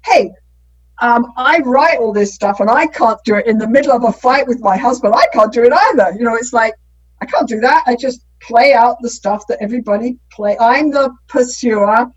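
A woman's voice: fairly high pitch, moderate pace, dull audio. A middle-aged woman who works as a couples therapist, explaining in a conversational way and often checking in with "right?".

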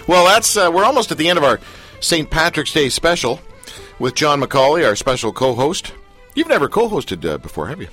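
Animated male radio host. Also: on the high side, soft background music. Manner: jokey, animated, does quick comic voices. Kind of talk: casual radio talk.

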